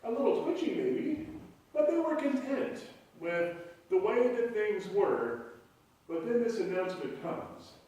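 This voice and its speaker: Chatty pastor in echoey hall. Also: male voice, high-pitched, sing-song, unhurried, mellow. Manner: rambling, chatty, many fillers and restarts. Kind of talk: conversational sermon. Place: church sanctuary. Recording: very echoey hall, voice far from mic.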